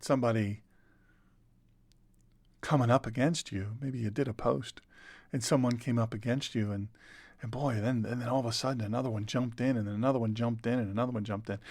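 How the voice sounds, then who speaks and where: A man's voice: mid-range voice, no echo. Earnest preacher man, dry close sound. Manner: earnest, repeats words for emphasis. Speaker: pastor and show host. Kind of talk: conversational sermon.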